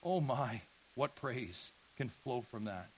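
A man preaching a sermon, earnest and emphatic, asking his listeners rhetorical questions and swinging from quiet to loud. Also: medium pitch, expressive, slow pace, slight background noise, rough recording. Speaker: pastor.

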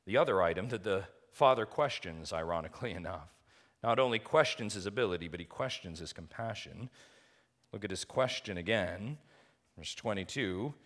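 A man's voice: lowish voice, a bit bright. A man preaching an expository sermon, emphatic, asking rhetorical questions and addressing his listeners as friends. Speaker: pastor.

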